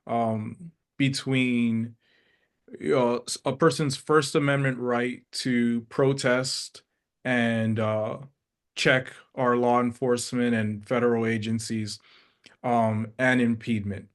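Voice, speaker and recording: A man hosting an interview, asking long questions slowly and hesitantly with many fillers. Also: mid-range voice, steady tone. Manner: slow, hesitant, lots of ums. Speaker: interview host.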